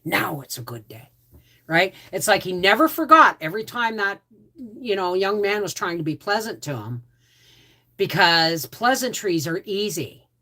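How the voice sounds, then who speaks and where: A woman's voice: medium pitch, very animated, moderate pace, pushed and bright. A woman hosting a casual livestream, rambling with frequent restarts and asides. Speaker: homestead channel host.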